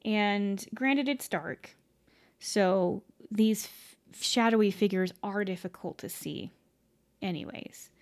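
A woman's voice: medium pitch, slow pace. Rambling woman telling a ghost story. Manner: rambling, many fillers and self-corrections, casual swearing. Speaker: podcast host. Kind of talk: casual storytelling.

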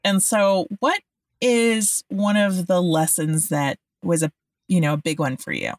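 A woman's voice: on the low side, animated, a little slow, dry recording. A woman hosting a casual chat, encouraging her guest with affirming murmurs. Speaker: podcast host. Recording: dry, slightly distant mic.

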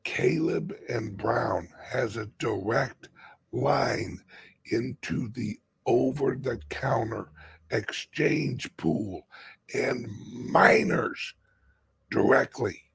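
A man hosting a crypto channel in an impassioned vlog rant. He talks urgently, drops to hushed whispers, rises to shouts, and swears freely for emphasis. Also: medium pitch, very slow, vocal fry, husky, no room sound.

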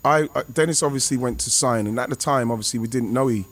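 A former footballer, telling a rambling, excitable anecdote over a remote call. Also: male voice, mid-range voice, fast. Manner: rambling, excitable, many restarts and fillers. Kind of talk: casual anecdote on a podcast.

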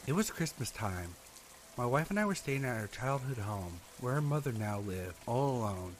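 A man reads out scary true stories in a dramatic, scripted way. His pitch swings widely as he builds tension. Soft rain patters faintly in the background. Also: normal speed, background noise. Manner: dramatic, expressive storytelling. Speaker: horror story narrator. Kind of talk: scripted horror narration.

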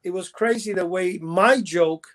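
A man with a notably high speaking voice tells stories in a loose, rambling way. He restarts his sentences and laughs at his own stories while co-hosting a casual chat. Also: a little slow, fairly bright tone. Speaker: podcast co-host.

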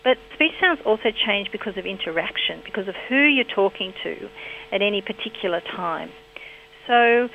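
A woman linguistics researcher explaining her field in a measured, academic manner. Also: medium pitch. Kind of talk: explanatory interview answers. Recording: dull lo-fi recording with faint hum.

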